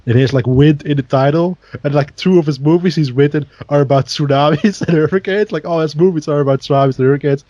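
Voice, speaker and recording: A man's voice: fairly high pitch, fast talker, few pauses, mellow, no room sound, dull audio. A man co-hosting a podcast in casual chat, rambling with many fillers and laughing often. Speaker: podcast co-host.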